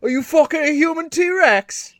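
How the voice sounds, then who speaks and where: A man putting on an exaggerated, cartoonish British accent to play a crude, loud man mocking someone. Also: extremely high pitch, normal speed, voice pushed up. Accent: exaggerated mock British. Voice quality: shouting, cartoonish.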